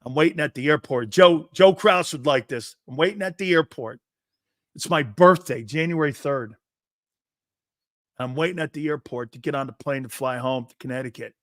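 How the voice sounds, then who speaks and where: A man in his fifties hosting a sports talk show, telling rambling, animated anecdotes with many restarts. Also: on the high side, moderate pace, no echo, clean studio sound. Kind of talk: casual storytelling and show hosting.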